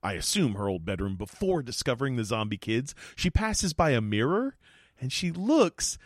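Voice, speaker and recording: A man co-hosting a podcast in casual chat, excitable, gasping, laughing and swearing as he talks. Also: mid-range voice, normal speed, no echo, studio quality. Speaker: podcast co-host.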